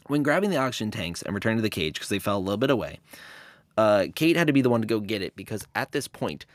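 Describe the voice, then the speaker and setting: A man's voice: on the low side, dry recording. A man hosting a podcast, giving a casual film commentary with sarcastic jokes. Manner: sarcastic, joking. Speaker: podcast host.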